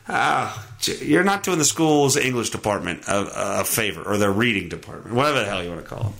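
A man's voice: animated, fairly quick, vocal fry, few pauses, fairly bright tone. A man hosting a casual solo podcast, reading news aloud and ranting about it sarcastically. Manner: sarcastic, ranting, swings up and down in pitch. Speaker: podcast host. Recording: roomy echo.

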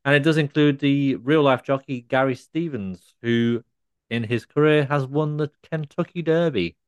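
Man, smooth, dry close sound. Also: medium pitch, moderate pace, no echo. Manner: laughing while recounting a story. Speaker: podcast co-host. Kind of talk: casual podcast chat.

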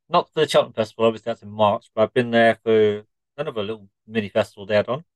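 A man co-hosting a comedy podcast, telling drawn-out joke stories in a deadpan way. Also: lowish voice, dry recording, poor audio. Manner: deadpan, drawn-out shaggy-dog storytelling. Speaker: podcast co-host.

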